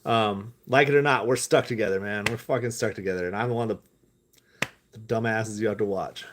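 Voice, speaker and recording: A man's voice: fairly low pitch, fairly even intonation, fairly quick, background noise. A man talking casually on a live stream about stocks, loose and profane, drifting off topic with laughing asides. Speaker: stock-talk vlogger. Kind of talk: rambling live stream chat.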